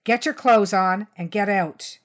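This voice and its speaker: A woman's voice: medium pitch, unhurried, natural voice. A woman voicing a protective mother. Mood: stern. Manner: soothing, then cold and commanding. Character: protective mother of young boys, firm.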